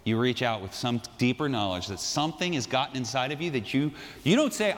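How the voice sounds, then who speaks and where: A man preaching a sermon, telling a story with lively swings between loud and hushed delivery. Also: mid-range voice, brisk, hardly any pauses, long reverb tail. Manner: animated storytelling, acting out voices in quotes. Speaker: pastor.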